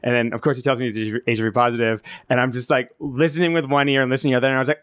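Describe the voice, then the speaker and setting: Man, comic podcast co-host, wry storyteller, smooth clear voice. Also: mid-range voice, steady tone, very fast, hardly any pauses, a bit bright. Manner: self-mocking storyteller, jokey and sarcastic. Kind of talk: casual podcast banter.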